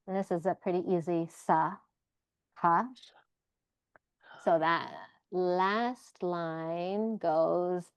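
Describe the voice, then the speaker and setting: A woman's voice: on the low side, slow pace, smooth, no echo, highs cut off. A woman leading an online language class, patiently demonstrating pronunciation sound by sound. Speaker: Sanskrit class leader. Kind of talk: online group lesson. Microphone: video call.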